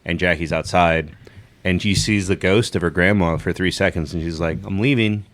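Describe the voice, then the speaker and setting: A man co-hosting a casual podcast chat, recapping favorite scenes with many pauses and ums. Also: low voice, fairly even intonation, a bit bright. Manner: rambling, hesitant with many ums. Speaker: podcast co-host.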